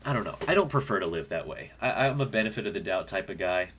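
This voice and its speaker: A man's voice: on the low side, lively intonation, brisk, a bit bright, slight background noise. A man musician talking casually and reflectively through the lyrics of his own song, rambling with many fillers and restarts.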